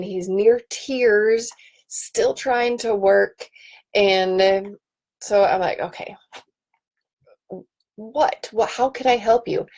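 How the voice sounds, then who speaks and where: A woman's voice: medium pitch, vocal fry, darkish tone. A woman in her thirties hosting a casual home live stream, chatting in a rambling way with ums and restarts, into a computer webcam. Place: home office.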